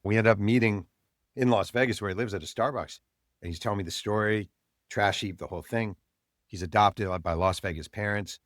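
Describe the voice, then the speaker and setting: A man, an author guest on an interview show, telling a story in animated fashion and acting out the people he quotes. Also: fairly low pitch, brisk, no room sound, clean studio sound.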